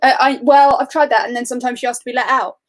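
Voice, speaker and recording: A woman's voice: fairly high pitch, steady tone, fast. A woman hosting a casual podcast, asking questions in a friendly, easy-going way. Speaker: podcast host.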